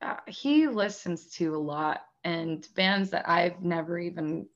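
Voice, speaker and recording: A woman in casual chat, talking in a relaxed, rambling way with lots of fillers and frequent laughs. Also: fairly low pitch, unhurried, dull audio. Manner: chatty, many "like" fillers, laughs often.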